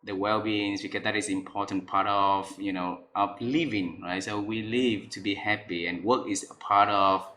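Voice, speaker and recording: A man's voice: fairly low pitch, steady tone, moderate pace, few pauses, bright, forceful tone, reverberant. A man hosting an interview, effusive and full of praise, speaking with repeats and restarts. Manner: effusive, repeats and restarts, non-native grammar. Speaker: interview host.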